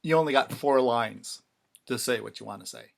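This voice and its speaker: A man's voice: medium pitch, moderate pace, vocal fry. A man talking casually to the camera about writing lyrics, wry and sarcastic, with mock-dramatic repetitions. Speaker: songwriter vlogger. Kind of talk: casual self-filmed vlog talk.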